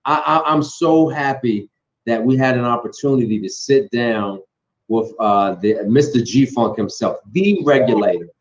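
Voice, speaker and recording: A man's voice: medium pitch, moderate pace, a little hiss or hum. Rambling male talk-show co-host, lo-fi sound. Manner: rambling, many fillers and restarts, gives shout-outs. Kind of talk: casual chat.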